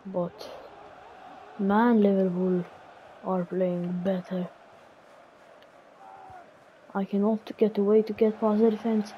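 Her voice is medium in pitch and level in tone, and she takes her time with long pauses. The gaming host calls her own football game match play by play, muttering and self-critical, captured in dull lo-fi audio with a faint hiss.

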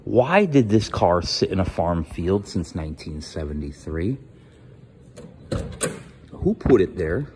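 A man in his workshop telling a casual, animated story and acting out what other people said. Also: slow, long pauses, slight background noise. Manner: animated, quotes others with pitch jumps. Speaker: vlogger in his shop.

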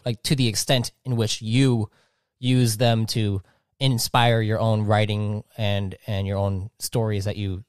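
Halting man hosting a podcast, dry sound. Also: on the low side, darkish tone, clear, resonant tone, no room sound. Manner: halting, repeats words, laughs lightly. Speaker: podcast host. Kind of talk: casual podcast interview.

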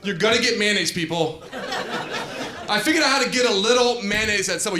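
A male stand-up comedian who tells his jokes in an animated way and acts out customers and counter workers, on a comedy club stage. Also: high-pitched, fairly quick, a loud crowd. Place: comedy club stage before a laughing crowd. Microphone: handheld stage mic. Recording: live club audience laughter.

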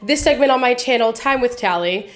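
A woman's voice: a little high, a little fast, faint music behind. A young woman hosting her own faith channel, talking casually and expressively, then leading a prayer. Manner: expressive, emotional, chatty. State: teary after crying. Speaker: faith vlogger. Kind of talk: casual devotional talk with prayer.

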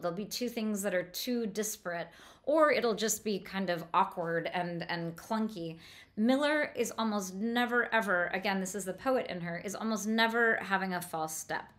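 Enthusiastic woman lecturing on a novel. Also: medium pitch. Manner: thoughtful, with frequent restarts and fillers; enthusiastic about the prose. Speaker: book lecturer. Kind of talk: literary lecture.

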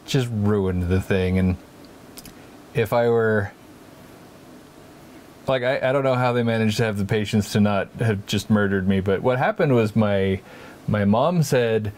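A man's voice: on the low side, darkish tone. A man hosting a casual art chat, telling stories and explaining ideas in a playful, rambling way with many restarts. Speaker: podcast host, artist.

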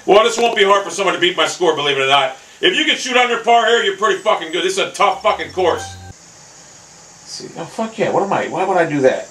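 A man rages through gameplay commentary with a bright, sharp voice that swings wildly up and down. He curses nonstop and yells at the game, sitting a little high for a man. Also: expressive, fast talker, a little hiss or hum, low-quality recording. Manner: furious, swearing constantly, yelling at the game. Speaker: gaming commentator.

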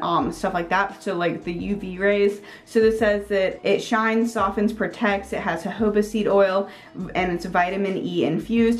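Chatty woman vlogger reviewing products. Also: medium pitch. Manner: chatty, filler-heavy with frequent "like" and "um"; upbeat, gushing. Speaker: beauty vlogger.

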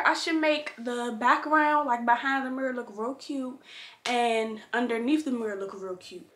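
A woman's voice: sits high, fairly bright tone, echoey room. A young woman vlogging casually at home, chatting bluntly with slang and the odd swear word while she decorates her bedroom. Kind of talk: casual chat.

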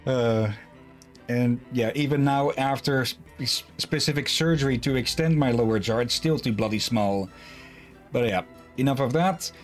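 A man's voice: medium pitch, normal speed, faint music behind. Rambling man narrating a game stream. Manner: rambling, self-deprecating, frequent restarts. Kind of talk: casual let's-play commentary.

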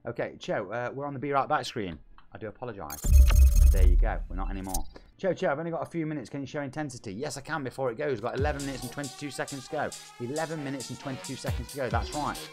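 A man in his forties from England with a British accent, chatting on his live game stream with excitable shout-outs and banter. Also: mid-range voice, fast talker, music in the background. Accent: British English. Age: 40s. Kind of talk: lively live-stream chat. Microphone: home streaming microphone.

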